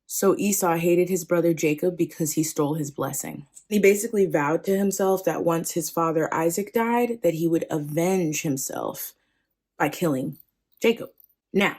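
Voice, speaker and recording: Woman host, chatty storyteller, slang-heavy asides, lowish voice. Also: animated, moderate pace, a little mellow. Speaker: podcast host. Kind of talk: casual Bible story retelling.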